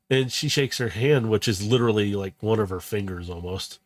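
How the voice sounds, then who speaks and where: A man's voice: on the low side, fairly even intonation, brisk. A man narrating a tabletop role-play game as game master, casual and rambling with frequent restarts. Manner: casual, rambling, self-correcting.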